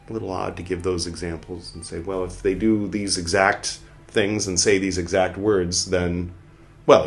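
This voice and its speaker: Male podcast host, low voice, reads passages slowly and loudly, then drops into relaxed, wondering asides; faint music. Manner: reads quotes slowly and loudly, comments in a lower conversational voice; muttering asides to himself. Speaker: podcast host reading scripture. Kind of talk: reading aloud with casual commentary.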